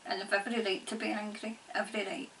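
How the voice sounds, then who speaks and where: A woman giving a spirit-channelling reading in halting, repetitive, murmured phrases. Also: medium pitch, level tone. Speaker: tarot reader and medium. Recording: distant mic, faint background noise.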